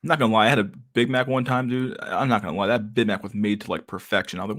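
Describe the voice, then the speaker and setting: A man's voice: fairly low pitch, very fast, fairly bright tone. A man giving casual, rambling livestream commentary on pictures, swearing constantly and laughing often. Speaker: streamer reacting to pictures.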